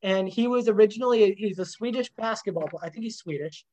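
A man hosting a casual movie chat, joking and animated. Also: sits high, fast, low-quality recording. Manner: joking, animated, does playful impressions. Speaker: podcast host. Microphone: home microphone on a call.

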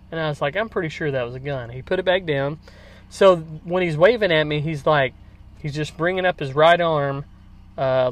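A man hosting a podcast, telling a long personal story in a rambling, casual way with many fillers and repeats. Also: fairly high pitch. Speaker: podcast host.

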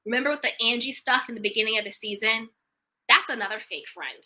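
Woman, young adult, sassy, emphatic, very bright tone, slightly high. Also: fast. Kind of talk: casual reality-TV gossip chat.

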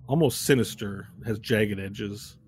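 Low-voiced man narrating a tabletop game. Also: measured pace, noisy background. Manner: casual, descriptive, hesitant fillers. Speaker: game master.

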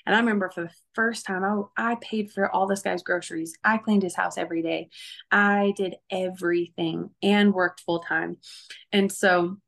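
A woman's voice: on the low side, steady tone, normal speed, gravelly, a bit bright. A woman guest recounting her testimony in an interview, earnest and emotional, with many fillers.

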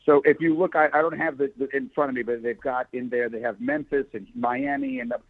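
A man's voice: a little high, expressive, fairly quick, vocal fry, no echo. Guy hosting a sports podcast, stop-start talk, tinny phone sound. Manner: thoughtful, frequent restarts.

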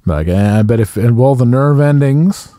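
Mellow-voiced man rambling in crude banter. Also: mid-range voice, normal speed, no room sound, studio quality. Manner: rambling, lively delivery. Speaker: podcast co-host.

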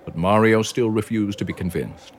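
Deep male storybook narrator, steady and expressive; faint hiss. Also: normal speed.

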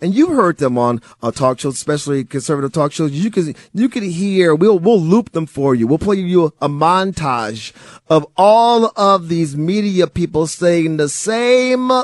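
A man filling in as a talk radio host, giving an animated, sarcastic monologue and chuckling at times. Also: fairly high pitch, measured pace, dry recording, studio quality.

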